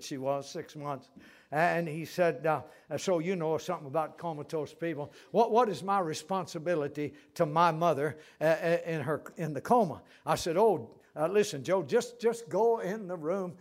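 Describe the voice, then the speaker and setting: Fervent older preacher. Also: male voice, on the high side. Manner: fervent storytelling preacher, repeats phrases for emphasis. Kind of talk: sermon.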